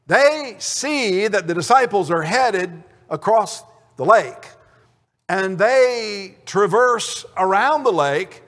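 A man's voice: high-pitched, a bit bright. A man giving a conversational Bible teaching, telling the story and acting out the dialogue. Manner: storytelling, acts out the dialogue in the scene. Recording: long reverb of a large hall.

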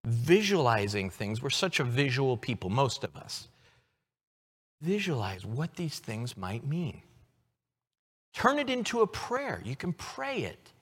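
A man's voice: mid-range voice, very animated, a bit bright, slightly rough. Man preaching in a reverberant hall. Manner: earnest, teaching, slow emphatic scripture reading. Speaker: pastor. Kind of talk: sermon.

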